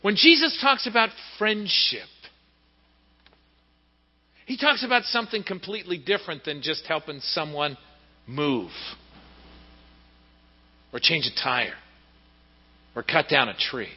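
A male pastor preaching a sermon in an animated storytelling manner, heard in a church hall on a dull recording. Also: on the high side, a little slow, pauses often, breathy edge. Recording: reverberant hall, dull lo-fi sound.

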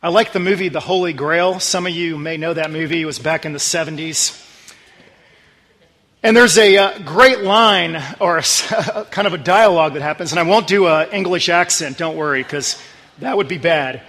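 High-voiced man preaching in a reverberant hall. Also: moderate pace, a bit bright. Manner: conversational, earnest preaching, drops low on scripture. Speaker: pastor. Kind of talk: sermon.

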